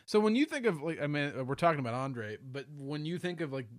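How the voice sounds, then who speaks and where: A man's voice: a little high, animated, fairly quick, dry recording. A young man co-hosting a casual podcast, teasing and swearing easily. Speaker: podcast co-host. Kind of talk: casual chat.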